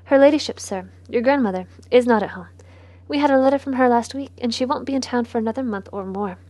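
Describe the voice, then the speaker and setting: A discreet old butler who leans close and speaks quietly and respectfully, voiced by a woman reading aloud. His lines come softer than the narration. The recording is close and dry. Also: fairly high pitch, fast, dry recording, lightly acted. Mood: confiding. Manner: quiet and deferential.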